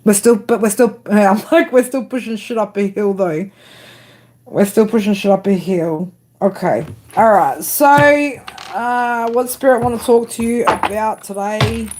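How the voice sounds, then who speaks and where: A woman's voice: medium pitch, unhurried, a little mellow. A woman doing a live tarot reading, blunt and casual, swearing often and talking straight to her viewers by name. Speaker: tarot reader.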